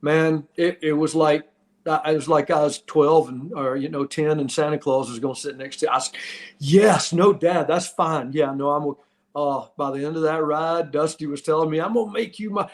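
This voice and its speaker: He's a man in his fifties, once a wrestler and now a podcaster, chatting informally and telling animated stories punctuated by plenty of laughter. His voice leans high, and he moves at a moderate clip.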